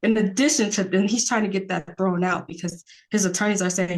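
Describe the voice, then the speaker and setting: A woman's voice: medium pitch, fairly even intonation, moderate pace, few pauses. A woman, a podcast guest talking earnestly in a rambling casual way, with many fillers.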